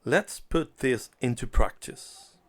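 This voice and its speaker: Slow, deliberate male language teacher. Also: medium pitch. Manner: deliberate, clearly enunciated teaching delivery. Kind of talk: slow scripted language lesson.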